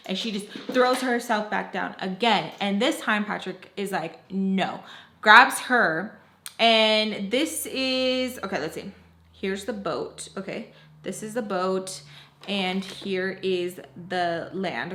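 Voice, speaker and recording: Woman, storytime vlogger, bright voice, rambling and emotional, echoey room. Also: medium pitch. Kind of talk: storytime vlog.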